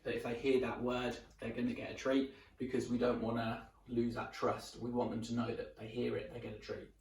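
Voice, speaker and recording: A man's voice: medium pitch, a little fast, gravelly, a little hiss or hum. Man teaching dog training in a roomy space. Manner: repeats a short marker word while explaining; relaxed, with fillers and restarts. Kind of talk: instructional demonstration. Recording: roomy sound from some distance.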